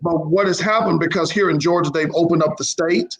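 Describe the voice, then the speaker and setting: A man's voice: a little high, fairly quick, slightly rough, poor audio. Earnest bishop, a man pleading a cause. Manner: earnest, impassioned, repeats key points. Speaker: bishop and ministry leader. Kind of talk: casual panel talk with a donation appeal.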